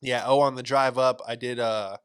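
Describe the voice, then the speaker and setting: A man's voice: mid-range voice, steady tone, moderate pace, clear, resonant tone. A young man hosting a podcast, telling a story in a rambling, laid-back way with plenty of fillers and slang. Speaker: podcast host. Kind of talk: casual comedic storytelling.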